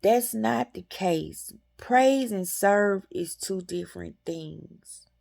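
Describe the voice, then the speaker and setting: A woman's voice: medium pitch, slow, gravelly, darkish tone. A woman hosting a metaphysics channel, giving a casual, colloquial spiritual talk and calling her viewers y'all.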